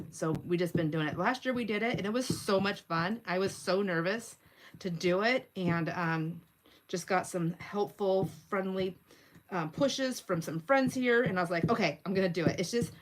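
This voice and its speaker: A woman in her sixties hosting a crafting livestream, chatting casually and giggling as she narrates each step of her work. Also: mid-range voice. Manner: chatty, giggly, thinks aloud while working.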